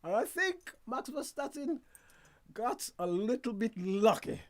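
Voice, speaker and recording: A man hosts a relaxed news roundup from a studio. His voice sits high and swings widely in pitch. He talks to viewers like friends, drifting into chatty asides and laughing at himself. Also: measured pace. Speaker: news show host.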